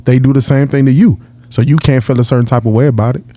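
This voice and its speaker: A man's voice: mid-range voice, steady tone, fast talker, mellow, no echo. A man co-hosting a podcast, bantering casually and repeating himself as he talks. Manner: laughing, repetitive banter. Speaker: podcast co-host. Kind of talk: casual chat.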